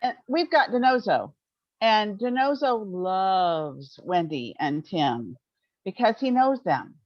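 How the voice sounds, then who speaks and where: A woman's voice: medium pitch, animated, takes it slowly, dry recording, dull audio. A woman on a video call describing her dog's training, wry and matter-of-fact. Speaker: service dog puppy raiser. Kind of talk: casual group chat.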